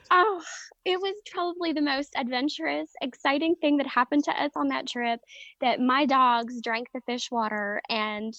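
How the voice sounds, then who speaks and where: High-voiced laughing woman telling a story. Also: a little slow, pushed and bright, dry recording, dull audio. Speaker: podcast guest. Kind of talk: casual storytelling.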